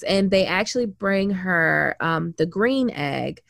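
A woman talking casually and with animation, blunt and quick to swear. She slips into little acted-out quotes as she goes. The sound is close and dry. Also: on the low side, lively intonation, vocal fry, fairly bright tone, no echo. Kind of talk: casual book discussion.

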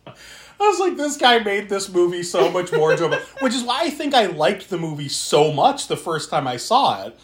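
A man co-hosting a podcast, retelling a horror movie in animated, laughing, swearing casual chat. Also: high voice, normal speed. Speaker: podcast co-host.

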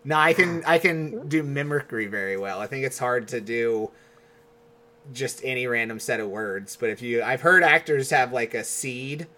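Bright-voiced American man telling stories. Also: mid-range voice, normal speed. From United States. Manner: animated storyteller, rambling asides. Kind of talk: casual chat.

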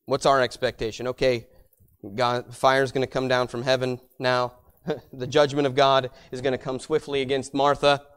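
A man preaching a sermon as pastor, rising to loud emphatic peaks and dropping to quiet low asides, repeating words as he builds his points. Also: little pitch movement, normal speed, smooth.

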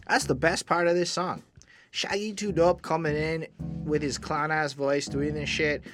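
A man's voice: a little high, measured pace. Profane, filler-heavy man reviewing music. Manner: loose, profane, full of "like" fillers. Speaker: music review podcast host. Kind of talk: casual album review chat.

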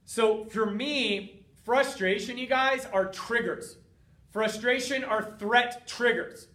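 A man's voice: very high-pitched, slow pace, sharp tone, roomy sound, far from the mic. A man in his thirties hosting a multiple sclerosis wellness show, giving an earnest motivational talk straight to his viewers and repeating himself for emphasis.

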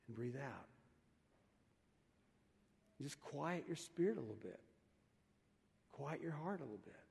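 A man preaching a sermon as a pastor, guiding the congregation through a quiet breath prayer and often repeating words as he restarts a sentence. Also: a little high, long reverb tail.

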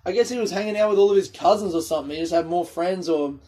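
A man with a high-sitting voice and dark tone talks at a quick pace, running through rambling, sweary anecdotes solo. He laughs at his own punchlines throughout this casual storytelling.

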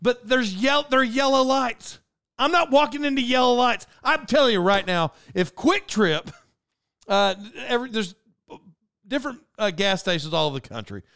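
A podcast host with a higher-pitched, smooth and clear voice talks on his own, drifting from one story to the next and working himself up. The sound is close and dry, with no room around him. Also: animated, moderate pace, fairly bright tone, dry recording. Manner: digressive and self-interrupting, ranting. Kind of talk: rambling solo monologue.

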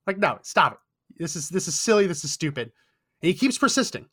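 A man's voice: high-pitched, sing-song, brisk, a bit bright, breathy edge. A young man hosting a talk show, telling a story with indignant sarcasm. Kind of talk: storytelling commentary.

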